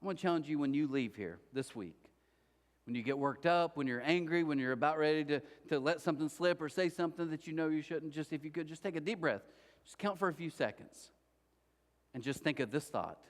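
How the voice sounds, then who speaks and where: A man's voice: fairly high pitch, fairly quick, in a large hall. A male pastor preaching a sermon, telling a story animatedly and acting out the voices of the people in it. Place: church auditorium.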